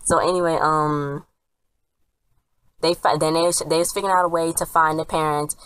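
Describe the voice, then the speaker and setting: A woman's voice: sits low, level tone, moderate pace, a bit bright, smooth, poor audio. A woman casually retelling a TV episode as a reviewer, rambling and chatty, and often quoting the characters. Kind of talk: casual spoken recap.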